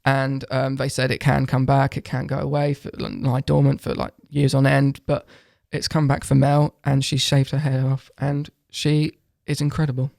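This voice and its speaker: A man co-hosting a podcast in casual, upbeat chat, chiming in with quick agreement. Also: medium pitch, monotone, vocal fry, a little mellow, no echo, studio quality. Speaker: podcast co-host.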